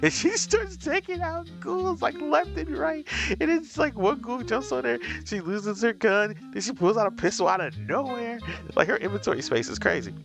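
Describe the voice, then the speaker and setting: A man casually recapping and reviewing a show, chatty and excitable, peppering his talk with "like". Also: extremely high pitch, moderate pace, vocal fry. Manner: excitable, chatty, heavy use of "like". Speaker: video reviewer. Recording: voice over background music. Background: music.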